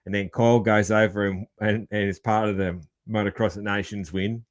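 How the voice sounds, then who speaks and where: Low-voiced Australian man hosting a podcast. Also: steady tone, moderate pace. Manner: rambling, many fillers and restarts, laughs easily. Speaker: podcast host. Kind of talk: casual interview chat.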